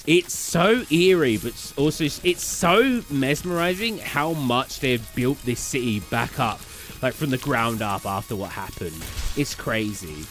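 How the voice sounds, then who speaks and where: A man's voice: medium pitch, lively intonation, measured pace, a bit bright, faint music behind. A young British man streaming a game live, chatting casually and rambling, often tripping over words. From Britain. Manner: rambling, chatty, stumbles over place names. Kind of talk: casual chat while live gaming.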